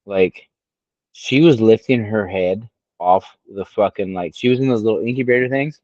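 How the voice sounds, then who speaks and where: At a moderate pace and in a lower register, this male co-host in his late thirties tells a laid-back, foul-mouthed personal story, playing out others' words with gusto. The recording sounds dry and muffled.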